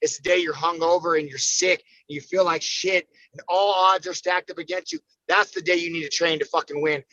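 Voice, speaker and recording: Casting: American man, high bright voice, profane and fired-up, casual podcast guest, dry close mic. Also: steady tone, fairly quick, dry recording, dull audio.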